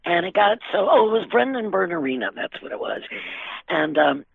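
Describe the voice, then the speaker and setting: An older woman telling lively stories as an interview guest, laughing often and using many fillers. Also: on the low side, brisk, gravelly, husky. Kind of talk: casual storytelling. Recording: dry tinny phone line.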